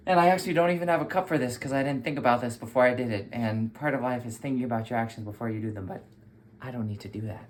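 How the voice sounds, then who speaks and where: A man's voice: medium pitch, quick pace, slight background noise. A man vlogging at home as he brews coffee, talking in a rambling, self-mocking, joking way. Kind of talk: casual how-to chat while brewing coffee.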